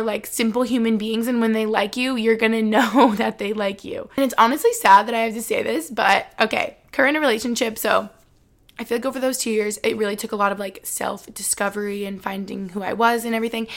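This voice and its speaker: A woman's voice: medium pitch, fairly bright tone. Chatty young woman vlogging. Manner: chatty, heavy use of "like", speaks straight to viewers. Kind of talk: casual storytime chat to viewers.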